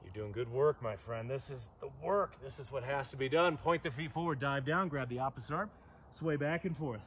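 A man's voice: medium pitch, fairly quick, slight background noise. A man from Southern California leading a guided yoga class outdoors, cueing poses and breaths with joking asides. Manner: joking asides between pose cues. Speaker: yoga instructor.

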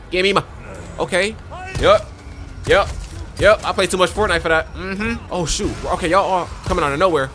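A young man giving excitable let's play commentary on a horror game, talking to his viewers and yelling at enemies on a desk microphone. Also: fairly high pitch. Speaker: gaming youtuber.

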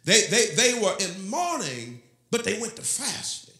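A man, a pastor, preaching a sermon in a church, often breaking into shouted and half-sung lines. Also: high voice, huge pitch swings, a little slow. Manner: preaching, rising to shouts, half-singing phrases. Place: church sanctuary. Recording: echoey church room.

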